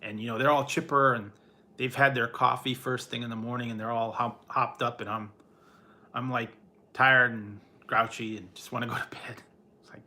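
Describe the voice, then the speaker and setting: A man's voice: mid-range voice, steady tone, normal speed, long pauses, bright, forceful tone. A man hosting a casual livestream from home, rambling and laughing often as he chats with viewers and talks to his pet. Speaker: livestream host. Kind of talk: casual chat with live chat viewers.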